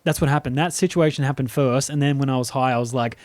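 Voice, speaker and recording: A man's voice: mid-range voice, fast, a little mellow, no room sound. A man co-hosting a podcast, telling rambling anecdotes full of restarts and laughter. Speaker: podcast co-host. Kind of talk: casual storytelling chat.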